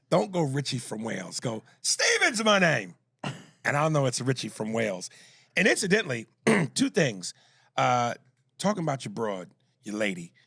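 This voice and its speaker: A man's voice: mid-range voice, vocal fry, breathy edge, no room sound, studio quality. A man co-hosting a podcast, joking and reading listener emails. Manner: animated, reads emails aloud, jokes in voices. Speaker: podcast co-host. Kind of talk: casual podcast banter.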